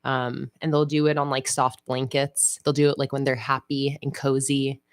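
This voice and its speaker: A woman hosting a casual livestream, chatting in a relaxed way with frequent fillers. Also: very deep voice, normal speed. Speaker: livestream host. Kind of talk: casual livestream chat while planning.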